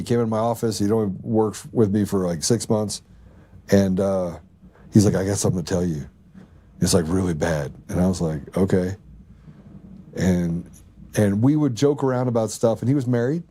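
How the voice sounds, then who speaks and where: A man's voice: fairly low pitch, mellow, slightly rough. A man hosting a podcast, telling anecdotes in casual chat and laughing often. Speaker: podcast host.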